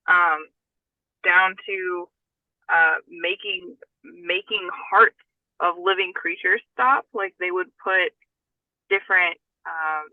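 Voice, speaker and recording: A woman's voice: fairly low pitch, no room sound. A woman talking as a guest about paranormal research, chatty, with frequent laughs and fillers. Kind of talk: casual conversation. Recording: tinny phone-line audio.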